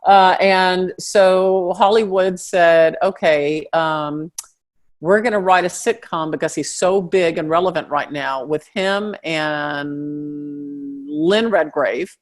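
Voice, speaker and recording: A middle-aged woman with a slight Southern American accent, telling stories in a casual interview and acting out other people's voices with big jumps in pitch. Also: slow. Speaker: comedian and actress guest.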